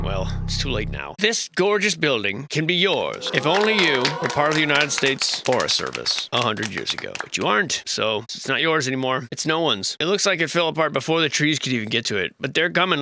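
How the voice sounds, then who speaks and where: A man's voice: fairly high pitch, background noise. A man giving comedic commentary in a mock-serious tour-guide manner, full of sarcastic joking asides. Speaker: host.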